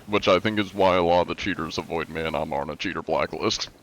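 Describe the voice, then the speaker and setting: A man's voice: sits low, quick pace, fairly bright tone, poor audio. A young man streaming live, chatting casually and answering chat with a laid-back, rambling manner, his nose congested from allergies.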